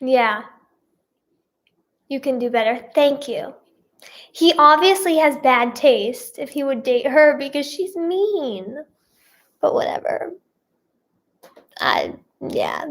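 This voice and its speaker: Woman, high voice, slow unhurried delivery, casual storytime vlog, rambling, dramatic about feelings. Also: lively intonation. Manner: rambling, filler-heavy, repeats herself. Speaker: singer and vlogger.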